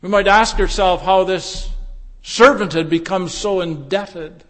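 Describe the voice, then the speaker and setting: A man preaching a sermon, slow and deliberate, with emphatic rises into impassioned pleading. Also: high-pitched, a bit bright. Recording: long reverb of a large hall.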